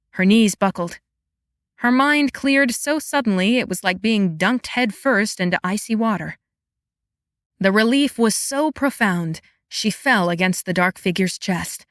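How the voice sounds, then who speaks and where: Female audiobook narrator, middle pitch, calm storytelling, very dry recording. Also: dry recording. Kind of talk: scripted narration.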